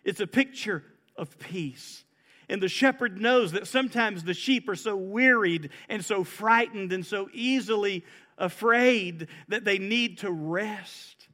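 A man's voice: sits high, a little slow, sharp tone. A man preaching a sermon, building emphasis as he quotes scripture. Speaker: pastor.

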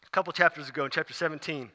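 Pastor guy preaching, high voice, acts out the story, big echoey church. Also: very fast. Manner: animated storytelling, acts out scenes. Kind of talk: sermon. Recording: long reverb of a large hall.

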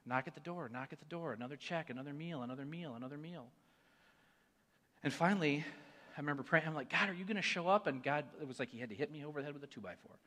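A man in his forties giving an earnest sermon testimony, moving between hushed and emphatic delivery. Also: fairly high pitch, fast talker. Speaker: church speaker sharing a testimony. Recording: long reverb of a large hall.

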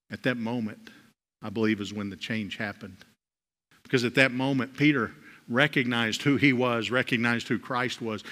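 A man preaching a sermon, swinging from loud, rising emphasis to soft, low drops. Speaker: pastor. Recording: long hall reverb.

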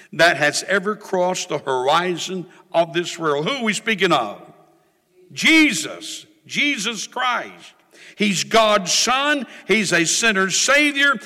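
A man preaching a sermon in a church, with a rhythmic, rising and falling cadence and drawn-out refrains. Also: sits high, sharp tone. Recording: reverberant hall.

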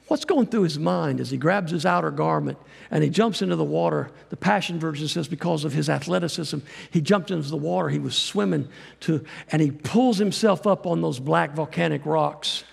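A man preaching a sermon as a pastor, folksy and animated, acting out quotes as he goes. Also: fairly high pitch, creaky, husky, in a large hall. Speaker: pastor and missionary.

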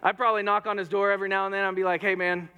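A man preaching a sermon in a church, animated and joking, acting out quoted lines. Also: high-pitched, rapid-fire, smooth, highs cut off. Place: church hall with audience. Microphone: microphone.

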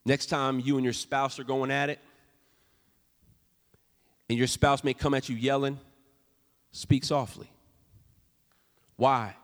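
A man preaching a sermon as pastor, swinging from loud emphatic lines to soft, hushed storytelling. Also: medium pitch, flat delivery, slow, long pauses, in a large hall. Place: church sanctuary.

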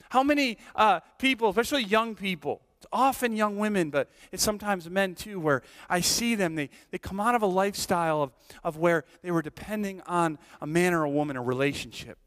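A middle-aged man preaching a sermon, swinging between hushed whispers and loud, high exclamations, with many repeats and restarts. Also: brisk, few pauses. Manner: repeats and restarts words often. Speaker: pastor.

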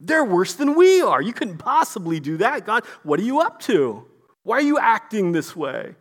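A male preacher voicing a prophet protesting loudly to God. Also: sits high, sing-song, normal speed. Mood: indignant. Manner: indignant, protesting. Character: indignant prophet arguing with God.

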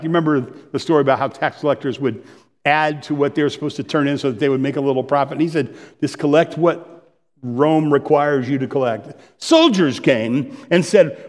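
Middle-aged male pastor, chatty sermon delivery, slightly higher voice, echoing church hall. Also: a little fast. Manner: conversational, with asides and self-deprecating humor.

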